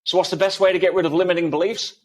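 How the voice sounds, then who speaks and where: A man's voice: high-pitched, fairly even intonation, racing. A man guest in an interview, explaining ideas emphatically through everyday analogies. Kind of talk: conversational interview.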